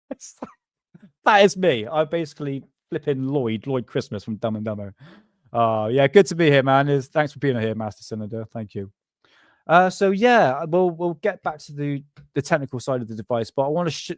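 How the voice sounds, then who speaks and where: A man from England with a Bristol accent, hosting a casual chat, slangy and quick to laugh. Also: mid-range voice, no echo, studio quality. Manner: chatty, slangy, laughs often. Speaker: podcast host.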